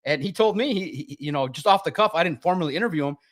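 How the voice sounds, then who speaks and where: A man co-hosting a sports talk show, talking casually and emphatically, often jumping high in pitch to stress a point. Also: lively intonation, quick pace.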